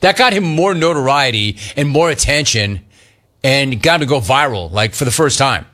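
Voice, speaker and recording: A man hosting a sports talk radio show, ribbing his co-hosts with emphatic, animated banter and repeated catchphrases. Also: medium pitch, normal speed, background noise. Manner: emphatic, mocking and animated, repeats phrases for effect.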